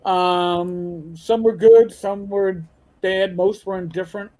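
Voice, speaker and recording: A man's voice: sits high, fairly even intonation, slow pace, mellow. An older retired man, hosting a casual livestream chat and telling stories bluntly. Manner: blunt, storytelling with profanity. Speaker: show host.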